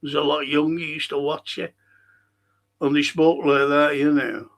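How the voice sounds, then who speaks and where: A man's voice: fairly high pitch, level tone, normal speed. A man with a Liverpool accent hosting a casual live stream, chatting and answering viewer comments as he reads them out. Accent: Liverpool (Scouse).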